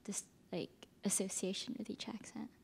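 A woman's voice: mid-range voice, fairly even intonation, moderate pace, gravelly, in a whisper. A woman in the audience making a point in a discussion, tentative and filling with "like". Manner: tentative, many "like"s. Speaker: audience member.

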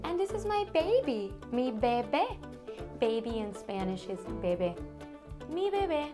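Woman, children's teacher, sing-song, slightly high voice, music behind. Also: sing-song. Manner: cheerful, slow and sing-song, playful animal sounds. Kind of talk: singing and teaching toddlers.

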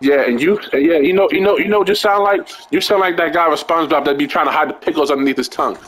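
A man with a voice on the high side and a fairly bright tone talks quickly as he taunts and mocks his opponent in a football video game. His casual, profane trash talk goes over a headset, while in-game crowd noise and commentary play behind him.

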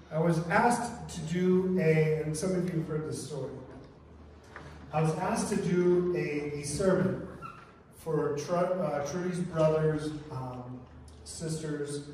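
A man's voice: a little high, fairly even intonation, slow pace, dark tone, slight background noise. A man preaching a sermon as a pastor, telling stories casually and often saying "man" and "right?". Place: church sanctuary. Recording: echoey church hall from far off.

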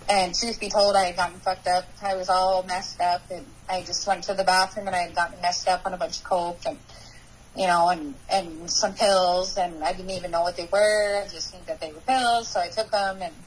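A woman guest on a recovery podcast, telling her personal story in a halting way, with many pauses and restarts. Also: on the low side, steady tone, a little hiss or hum, poor audio.

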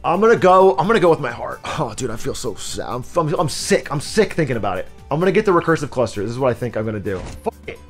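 A man livestreaming a game and commenting as he plays. He is excitable, swears a lot and laughs often. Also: mid-range voice, fast talker, faint music behind. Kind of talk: live gaming commentary.

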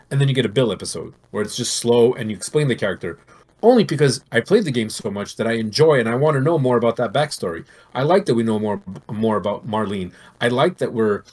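A middle-aged man with a husky, slightly breathy voice at a middle pitch. He rambles through casual podcast talk, animated and quick to jump between thoughts. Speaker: podcast co-host. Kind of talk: casual chat.

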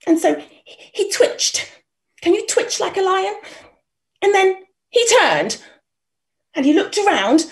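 A woman storyteller reading a children's story aloud, expressive, dropping to whispers and inviting listeners to join in. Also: sits high.

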